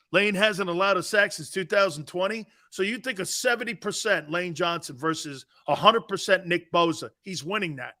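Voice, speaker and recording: A brash sports talk radio host with a high, bright, forceful voice. He argues his points emphatically and laughs off other opinions, peppering his talk with "man" and "dude.". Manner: argumentative, laughing off callers' views.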